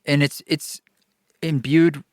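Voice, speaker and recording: A man telling a personal story in casual conversation, animated, stammering and restarting often. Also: on the high side, slow, dry recording, clean studio sound. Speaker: podcast guest, kirtan musician.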